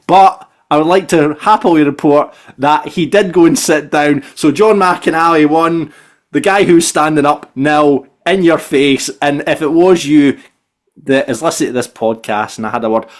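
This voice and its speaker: A man with a Scottish accent hosting a football podcast, telling stories in a chatty, animated way and often tagging "right?" onto his sentences. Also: fairly high pitch, moderate pace. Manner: animated storyteller, repeats "right?". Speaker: podcast host. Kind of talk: casual football podcast chat.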